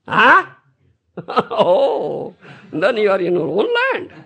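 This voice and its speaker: A man teaching from scripture in a high, gravelly voice that leaps wildly up and down. He speaks slowly and emphatically, repeating phrases and throwing teasing questions to his listeners. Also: huge pitch swings, bright, forceful tone. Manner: keeps asking the room "you understand?". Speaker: spiritual teacher. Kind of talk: scripture lecture. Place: Brisbane, Australia.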